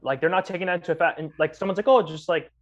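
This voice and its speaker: A man's voice: a little high, very fast. A man in casual conversation who rambles and acts out quoted exchanges as he tells stories. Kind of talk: casual chat. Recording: dull lo-fi sound.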